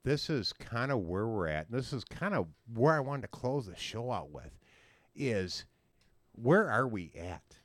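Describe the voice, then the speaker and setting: A man's voice: medium pitch, very animated, a little slow, no room sound, studio quality. A man hosting a casual podcast chat, rambling through stories with many restarts. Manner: rambling, with frequent restarts and fillers. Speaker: podcast host.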